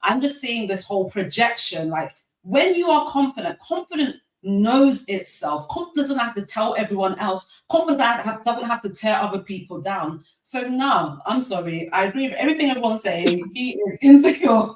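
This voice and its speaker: A woman's voice: fairly high pitch, animated, normal speed, few pauses, distant mic. Opinionated woman in an echoey room, off-mic. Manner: opinionated, emphatic, repeats points. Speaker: panelist. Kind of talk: panel discussion.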